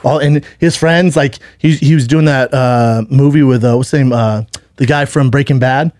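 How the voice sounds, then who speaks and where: A podcast co-host with a darkish, mid-range voice speaks at a moderate pace, rambling through a long story in casual chat, acting out what people said and swearing freely. The audio is studio quality with no echo.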